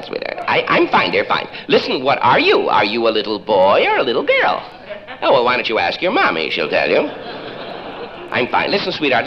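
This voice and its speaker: A man doing a stand-up one-sided telephone monologue, stammering and flustered, getting more and more exasperated. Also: medium pitch. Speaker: stand-up comedian. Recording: dull lo-fi vintage comedy album.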